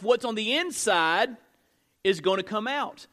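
A man's voice: high voice, animated, unhurried, pushed and bright. A man preaching a sermon, asking the congregation rhetorical questions and using frequent fillers and restarts. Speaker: pastor.

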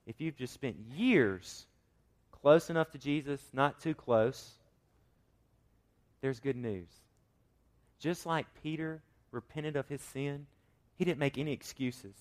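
A man preaching a sermon, swinging from loud emphatic points to quiet asides and asking his listeners rhetorical questions. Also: mid-range voice, expressive, measured pace. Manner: acts out quoted voices with rhetorical questions. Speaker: pastor.

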